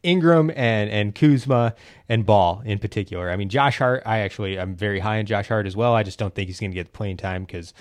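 A man hosting a casual sports podcast, rambling and animated with frequent restarts. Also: fairly low pitch, fairly quick, no echo. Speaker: podcast host.

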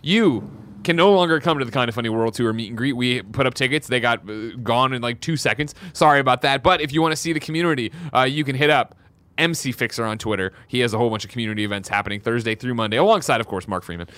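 A man's voice: mid-range voice, fast, fairly bright tone, no room sound. A man in his thirties hosting a casual gaming news show, reading the show intro with upbeat energy. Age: 30s. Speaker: show host. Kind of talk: casual podcast chat.

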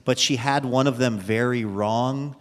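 A man's voice: mid-range voice, steady tone, unhurried, long reverb tail. A man hosting an interview, dropping dry, wry remarks as he introduces his guest. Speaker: host. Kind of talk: interview chat.

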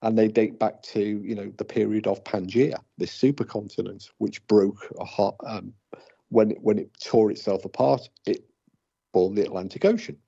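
Co-host, male, hesitant and chatty, husky mellow tone, dull lo-fi radio sound. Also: lowish voice, normal speed. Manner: hesitant, many fillers and restarts. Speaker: paranormal investigator, co-host. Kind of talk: casual radio talk.

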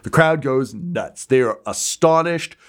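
A man's voice: mid-range voice, lively intonation, unhurried. A man narrating as game master, rambling with many ums and likes.

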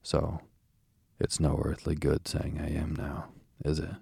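A stubborn, boastful toad in a sleepy bedtime storybook, read by a man, wilful and gushing. The voice is very deep and gravelly, with a flat, monotone lilt. It sounds husky and close, with no room around it. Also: measured pace, no echo, full character voice. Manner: sullen, then gushing and wilful. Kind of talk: soothing bedtime storybook reading.

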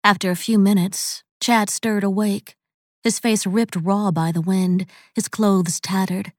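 A woman narrating a fiction story with steady, dramatic storytelling, recorded on a close studio mic. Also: medium pitch, dry recording. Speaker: audiobook narrator. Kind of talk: scripted narration.

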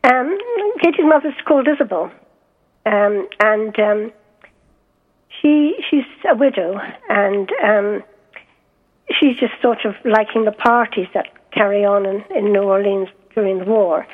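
A woman with a Scottish accent, an author being interviewed about her book, talking hesitantly with many pauses and restarts. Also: medium pitch. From Scotland. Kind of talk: interview over the phone. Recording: tinny phone line.

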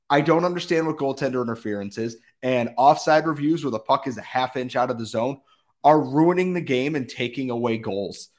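A man's voice: mid-range voice, moderate pace. A man hosting a casual sports podcast with a cold, reading ad spots and ranting in an exasperated way. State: has a cold. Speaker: podcast host. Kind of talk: casual sports podcast chat and read ads.

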